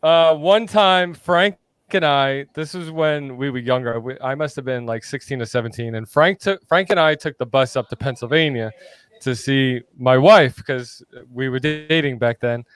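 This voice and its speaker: Smooth-voiced laughing male co-host. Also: medium pitch, moderate pace, no echo. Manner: laughing, storytelling. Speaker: podcast co-host. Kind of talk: casual chat.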